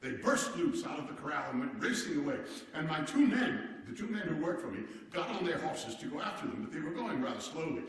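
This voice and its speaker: A man's voice: on the high side, sing-song, brisk, few pauses. An actor playing a hearty, boisterous old-time American president, speaking theatrically and exclamatorily straight to the audience in a live one-man stage show. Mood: genial. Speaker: stage performer. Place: performance hall before a seated audience. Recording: echoey hall, voice picked up from far off.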